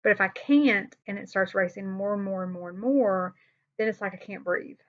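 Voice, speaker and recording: A woman speaks candidly to the camera in a personal vlog, her talk full of fillers, restarts and sighs. Her voice sits at an ordinary middle pitch. The recording sounds a little dull and lo-fi. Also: moderate pace. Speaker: vlogger.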